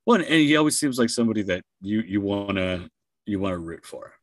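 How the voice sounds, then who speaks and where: A man co-hosting a podcast in casual chat, relaxed and joking as he rambles. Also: fairly low pitch, quick pace, no echo. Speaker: podcast co-host.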